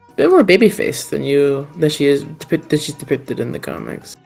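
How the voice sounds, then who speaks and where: Low-voiced woman narrating as game master. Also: sing-song, fairly quick, creaky, darkish tone, breathy edge, soft background music. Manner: meandering, full of fillers.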